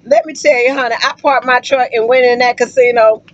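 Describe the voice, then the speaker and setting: A woman truck driver telling stories in a casual vlog, animated and laughing, with plenty of exclamations. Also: on the high side, fairly quick, no echo. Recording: dull lo-fi sound.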